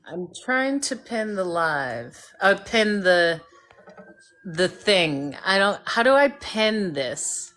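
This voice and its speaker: A woman hosting a casual live stream, telling a lively story and acting out the voices of the people in it. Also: mid-range voice, slow pace. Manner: animated storyteller who acts out voices. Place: home by a fireplace.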